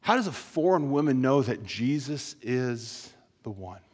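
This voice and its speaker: A man giving a sermon-style talk to students, telling a story with lots of repetition and shifting between loud and hushed delivery. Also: mid-range voice, big pitch swings, a little slow, big-room sound. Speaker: speaker at a school gathering.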